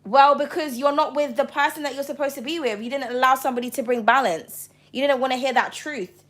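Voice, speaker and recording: High-voiced blunt woman reading tarot. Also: fairly even intonation, a little fast, a bit bright. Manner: passionate, blunt and profane. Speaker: tarot reader.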